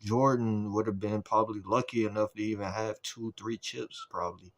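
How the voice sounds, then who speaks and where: A man's voice: fairly low pitch, normal speed. A man hosting a reaction video, talking in loose, profane slang and getting worked up as he reacts. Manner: loose, profane, excitable slang-heavy talk. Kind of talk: casual reaction commentary.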